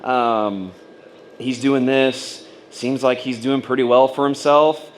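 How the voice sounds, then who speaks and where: A man at a mid-range pitch tells a long personal story to a room of fellow business owners. He rambles casually, packs his talk with fillers, and slips into the voices of the people he quotes. A faint hiss sits underneath. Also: steady tone, slow pace. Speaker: speaker at a business training event. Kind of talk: personal story told to an audience.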